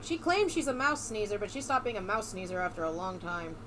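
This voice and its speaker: A young woman giving casual, sarcastic gameplay commentary, excitable and swearing freely. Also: medium pitch, brisk, a little hiss or hum. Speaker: let's play streamer.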